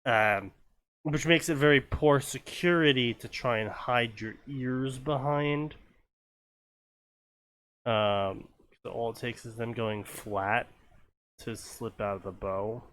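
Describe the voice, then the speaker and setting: A man's voice: medium pitch, slow pace, long pauses, a bit bright. A man hosting a podcast, casually commenting on fanfiction in a rambling way full of ums and restarts. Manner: rambling, many fillers and restarts. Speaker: podcast host.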